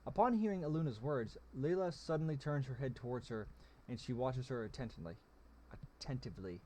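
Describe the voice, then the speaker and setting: A man's voice: mid-range voice, fairly quick, darkish tone. A man reading a gamebook aloud, sometimes stumbling over words and correcting himself. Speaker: reader.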